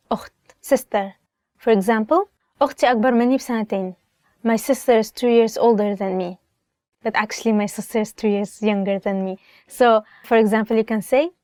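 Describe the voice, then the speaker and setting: A woman's voice: on the high side, darkish tone, no echo, studio quality. Cheerful Egyptian woman teaching vocabulary. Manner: cheerful, laughs often between examples. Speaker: language teacher.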